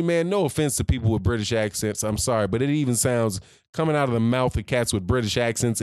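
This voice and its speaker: A man's voice: medium pitch, no echo, studio quality. A man ranting heatedly as a boxing commentator, slangy and repeating his points for emphasis. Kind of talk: ranting opinion vlog.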